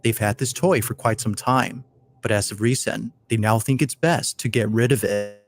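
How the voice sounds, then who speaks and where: A man narrating a compilation of scary videos in a steady, measured, scripted storytelling voice. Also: on the low side, a little hiss or hum. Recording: faint music underneath.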